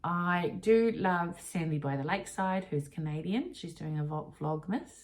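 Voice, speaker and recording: Woman, New Zealand accent, low voice, chatty podcast co-host who slips and laughs. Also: animated, normal speed. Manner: chatty, self-correcting, laughs easily. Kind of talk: casual chat.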